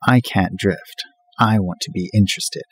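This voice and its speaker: A man's voice: on the low side, moderate pace, slight background noise, natural voice. A man voicing a restless, vain young male college student who talks eagerly about himself. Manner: eager, self-absorbed.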